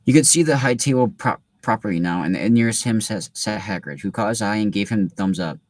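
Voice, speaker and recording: A young man reads a storybook aloud, then drifts into laid-back chatty asides full of filler words. His voice sits on the low side. The recording is close and dry. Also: a little fast, dry recording. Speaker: reader. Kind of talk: reading aloud with casual commentary.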